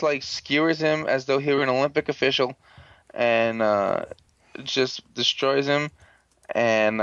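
A man's voice: medium pitch, a bit bright, no echo. Give me a sarcastic man rambling through a casual show recap on a muffled, dry recording. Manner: sarcastic, rambling with many fillers and throat clearing. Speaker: podcast host recapping a show. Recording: dull lo-fi dry sound.

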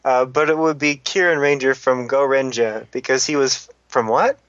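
A man co-hosting a podcast, reading listener comments with quick, exasperated jokes. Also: medium pitch, fairly even intonation, a bit bright, no room sound. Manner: joking, exasperated, quick asides. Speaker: podcast co-host. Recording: dull lo-fi podcast audio.

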